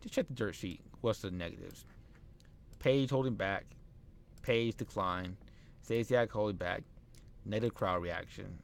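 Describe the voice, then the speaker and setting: A man's voice: fairly low pitch, measured pace, creaky, pauses often, slight background noise. A man narrating a wrestling sim playthrough in a casual, rambling, joking way. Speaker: let's play host.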